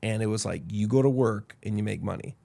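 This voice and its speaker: A man's voice: on the low side, brisk, gravelly. A man from Idaho, a podcast guest, telling stories casually and acting out what people said. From Idaho, USA. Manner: animated storyteller, acts out quotes.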